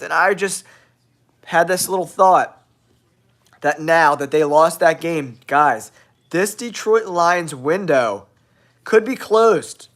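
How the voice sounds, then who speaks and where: A man's voice: high-pitched, a bit bright. A man hosting a live sports stream with a stuffy, nasal voice from a cold, exclaiming and repeating himself. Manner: exclaiming, repetitive, addresses viewers as guys. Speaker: sports show host.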